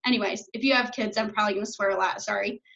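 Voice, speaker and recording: A woman's voice: medium pitch, steady tone, racing, vocal fry, a bit bright, highs cut off. A woman in her twenties, a coach, talking casually and chattily on a video call, filling her speech with "like" and swearing when she gets passionate.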